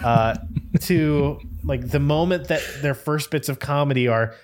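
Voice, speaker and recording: A man's voice: on the high side, unhurried. Giggly rambling male storyteller. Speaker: podcast co-host. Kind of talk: casual podcast chat.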